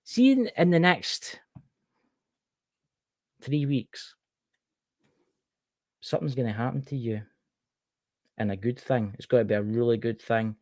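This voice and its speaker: A Scottish man hosts a chatty tarot reading on a livestream, reading each card aloud by name and talking directly to one viewer, whom he addresses by name. His medium-pitched voice is mellow and relaxed, a little slow with frequent pauses, and his manner stays informal and easygoing. The mic is close and dry, with no room sound.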